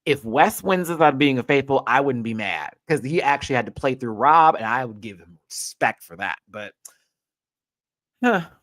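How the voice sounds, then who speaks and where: Animated, profane man ranting a TV recap. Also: medium pitch, normal speed, no echo. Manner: animated, profane, swings between loud outbursts and muttering. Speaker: show recap host. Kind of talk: casual TV recap rant.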